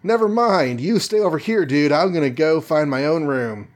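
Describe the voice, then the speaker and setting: A man's voice: on the high side, expressive, moderate pace, lightly acted. A man voicing a friendly, laid-back young male college student. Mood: breezy. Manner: casual, breezy.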